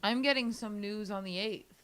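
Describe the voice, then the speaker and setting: A woman co-hosting a podcast in casual chat, measured and a little hesitant. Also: medium pitch, a bit bright, clear, resonant tone. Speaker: podcast co-host.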